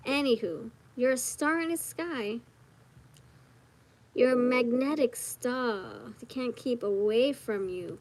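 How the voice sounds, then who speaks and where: A woman giving a casual tarot reading straight to the viewer, chatty and giggly, thinking out loud as she goes. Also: on the high side, rough recording. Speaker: tarot reader.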